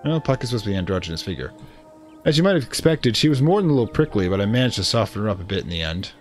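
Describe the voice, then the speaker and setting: A genteel older woman with a haughty, gossipy edge, put on by a man. Her pitch swoops lively from word to word, over a low base, as she trades barbs about old rivals. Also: rapid-fire, faint music behind. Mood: wry.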